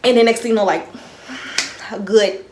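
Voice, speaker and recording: A woman's voice: medium pitch, steady tone, normal speed, darkish tone, reverberant, a little hiss or hum. A young woman vlogger in casual storytime mode. She talks in slang and keeps checking that the listener is following.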